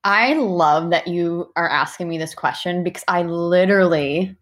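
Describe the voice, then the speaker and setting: Female interview guest, lowish voice, animated and talkative. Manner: animated storytelling with quick asides and restarts. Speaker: guest who handles reviews for partner animal hospitals. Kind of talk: casual interview answers.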